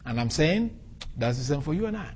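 A man preaching a sermon, teaching from the Bible and explaining Greek words with an animated delivery. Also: fairly quick, breathy edge. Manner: animated, rises and falls sharply in pitch and loudness.

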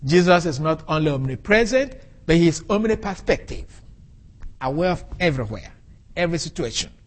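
A man preaching a sermon, teaching from the Bible and explaining Greek words with an animated delivery. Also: brisk. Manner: animated, rises and falls sharply in pitch and loudness.

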